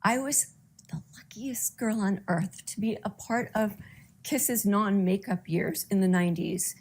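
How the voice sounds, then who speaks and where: A woman's voice: medium pitch, measured pace, a little mellow. A woman giving an earnest, affectionate video tribute to a close friend. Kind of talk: heartfelt video message.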